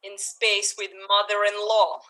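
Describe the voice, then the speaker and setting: Bright-voiced woman hosting an improv show. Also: medium pitch, completely flat delivery, a little slow, poor audio. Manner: chatty, upbeat audience address. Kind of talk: live online show hosting. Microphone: video call.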